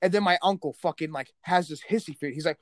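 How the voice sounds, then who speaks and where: A man's voice: a little high, fast, no echo. A young man co-hosting a podcast, telling blunt stories full of swearing. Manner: profane, blunt storytelling. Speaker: podcast co-host. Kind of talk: casual podcast chat.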